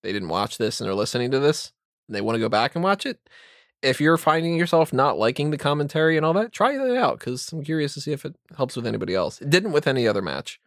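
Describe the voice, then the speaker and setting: Male podcast co-host, casual and lively, breaks into impressions now and then, dry close sound. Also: medium pitch, quick pace, no room sound. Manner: animated, mimics other commentators' voices.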